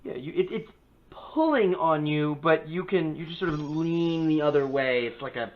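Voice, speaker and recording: A man's voice: on the high side, normal speed. A man running a tabletop game as game master, narrating scenes with frequent fillers and restarts. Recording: tinny phone-like call with faint hiss.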